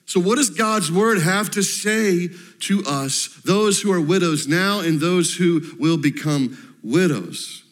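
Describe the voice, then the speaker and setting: A man in his thirties, a pastor, preaching a sermon in church with relaxed, storytelling warmth and self-deprecating humor. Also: on the high side. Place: church in front of a congregation.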